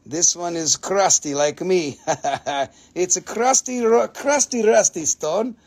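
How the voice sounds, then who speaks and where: A man hosts a live stream sale in a joking, excitable way, swearing freely and laughing often. His voice sits high with a gravelly fry. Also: slow. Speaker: host selling minerals. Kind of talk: live stream sales chat.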